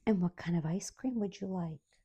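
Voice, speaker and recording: A woman's voice: on the low side, normal speed, dark tone, breathy edge, no room sound. A woman voicing a bewildered teenage boy who works an ice cream counter, fumbling through his questions.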